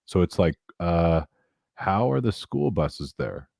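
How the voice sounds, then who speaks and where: Deep voiced guy rambling on a podcast, lots of restarts, dry close sound. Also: sing-song, takes it slowly, gravelly, darkish tone, no echo. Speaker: podcast guest. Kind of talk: casual podcast chat.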